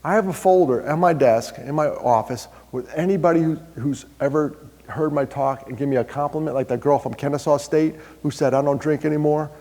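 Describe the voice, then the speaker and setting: A man's voice: fairly high pitch, fairly quick. A man from New York giving a live talk on mental health, telling stories, quizzing the audience and joking about himself. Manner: animated storyteller, quizzes the crowd, jokes about himself. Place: large hall with an audience. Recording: long hall reverb.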